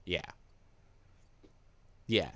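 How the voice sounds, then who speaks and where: A man's voice: drawn-out words, sharp tone, dry recording. A man hosting a podcast, running through news in casual chat, explaining things hesitantly with plenty of fillers. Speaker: podcast host presenting news.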